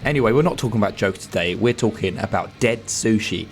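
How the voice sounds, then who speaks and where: A man's voice: on the low side, lively intonation, quick pace, soft background music. A man co-hosting a podcast with a congested, stuffy nose, giving rambling opinions in casual chat. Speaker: podcast co-host.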